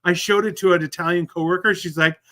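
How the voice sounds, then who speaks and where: A man from Canada co-hosting a casual show, teasing and trailing off into quiet asides. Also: high-pitched, steady tone, fast talker. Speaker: cooking show co-host. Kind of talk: casual banter.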